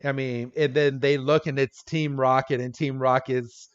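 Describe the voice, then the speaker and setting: A man's voice: medium pitch, flat delivery, normal speed, smooth, lo-fi sound. A man co-hosting a podcast, recapping a cartoon episode in casual chat, laughing often and acting out characters in silly voices. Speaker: podcast co-host.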